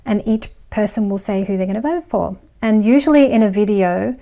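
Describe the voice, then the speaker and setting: A middle-aged astrology vlogger chats casually while reading viewer comments, rambling with fillers and laughter. Her medium-pitched voice is warm with some vocal fry, and she talks a little fast.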